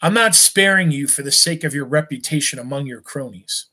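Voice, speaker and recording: A man reading aloud who voices a stern, talkative farmer father, lecturing his son in a measured, reasoning way. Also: a little high, bright, forceful tone, husky, full character voice.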